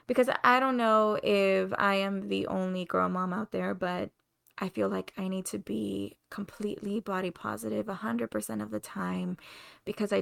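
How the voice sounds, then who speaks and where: A young woman with a Spanish accent, talking openly and confessionally as a podcast host, sometimes pausing to find her words. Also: medium pitch, creaky. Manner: open, confessional, searching for words. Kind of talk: candid solo podcast monologue.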